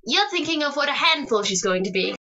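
A woman's voice: sits high, big pitch swings, fairly quick, pushed and bright, dull audio, heavily acted. A woman voicing a playful, affectionate teenage daughter in a radio drama, teasing and bubbly. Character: playful, adoring teenage daughter putting her hair up.

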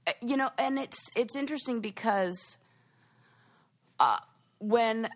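A woman co-hosting a podcast in casual chat, rambling with lots of fillers and restarts and jumping up in pitch when she quotes herself. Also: a little slow. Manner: lively, jumps up in pitch for quoted asides. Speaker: podcast co-host.

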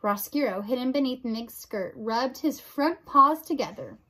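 A woman reading a children's novel aloud in an expressive storybook narration. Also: fairly high pitch, unhurried, poor audio. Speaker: audiobook reader.

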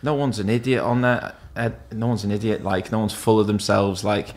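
A man's voice: lowish voice, fairly even intonation, brisk, darkish tone. A man, a tattoo artist who is a podcast guest, chatting casually and candidly, swearing freely as he rambles. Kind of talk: casual chat.

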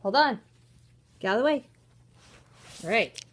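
A woman's voice: expressive, a little slow. Giggly woman filming her pets. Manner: chatty, giggly, voices her cats' thoughts in squeaky bursts. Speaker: pet vlogger. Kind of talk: casual off-camera narration of pets. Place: indoors at home. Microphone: handheld phone camera.

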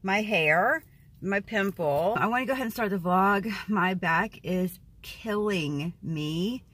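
A woman's voice: mid-range voice, slow, fairly bright tone, breathy edge. A woman in her thirties from the United States, chatting animatedly to the camera in a casual vlog. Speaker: vlogger.

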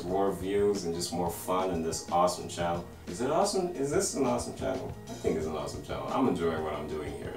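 Deep-voiced twenties vlogger with an American-sounding accent, laid-back rambling delivery, recorded a little off-mic with faint music behind. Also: male voice, recorded from a distance. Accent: American-sounding English. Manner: relaxed, rambling, full of "like". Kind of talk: casual storytelling to camera. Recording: roomy and a bit off-mic.

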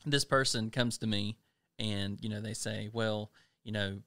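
A man's voice: lowish voice, steady tone, measured pace, sharp tone, no room sound. A man co-hosting a casual Christian podcast, chiming in with agreement and then telling his own story. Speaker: podcast co-host.

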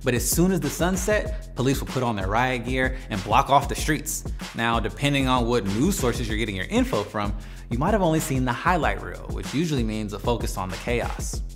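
A man's voice: medium pitch, lively intonation, brisk. A man hosting an educational explainer video in a playful, conversational way. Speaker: host. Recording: faint music behind.

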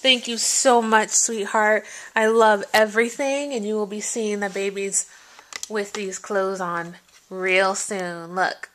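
A woman vlogger chatting casually through an unboxing, gushing, her voice jumping high when something delights her. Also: steady tone, slow, a bit bright. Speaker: vlogger showing a gift package.

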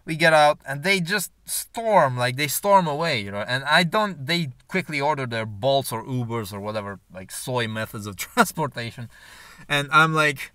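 A man's voice: mid-range voice, expressive, normal speed, sharp tone, clean tone, no echo, studio quality. Rambling, foul-mouthed guy telling a story. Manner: rambling, profane, heavy use of filler words. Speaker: vlogger. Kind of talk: casual storytelling monologue.

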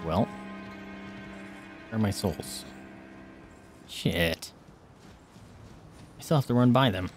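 A woman's voice: a bass voice, lively intonation, slow pace, pauses often, soft background music. A woman live-streaming a video game, swearing, yelping and chattering to herself and her chat as enemies attack. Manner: swears, yelps and shrieks at enemies, talks to chat. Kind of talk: live gameplay commentary.

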